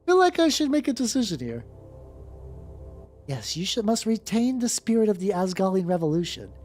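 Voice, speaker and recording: A streamer playing a video game, reacting aloud with swearing and reading the game's text out loud. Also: medium pitch. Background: faint background music.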